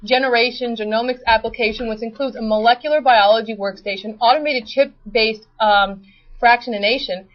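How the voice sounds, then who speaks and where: A fairly high-voiced woman co-hosting a stock market show, joking with her partner between news items. She reads company announcements with playful asides and trips over the technical words. The recording sounds dull and lo-fi. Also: fairly even intonation, normal speed. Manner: playful, teasing, stumbles over technical terms. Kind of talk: casual banter, reading company news.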